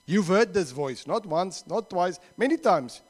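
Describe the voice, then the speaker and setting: Earnest South African preacher, higher voice. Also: male voice, animated, measured pace. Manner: earnest, acts out little dialogues, slips into Afrikaans phrases. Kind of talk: sermon and closing prayer. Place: church service.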